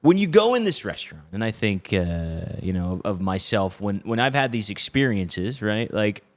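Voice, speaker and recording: A man's voice: on the low side, big pitch swings, normal speed. A man hosting a podcast in casual conversation, talkative and reasoning things out aloud with playful asides. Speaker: podcast host.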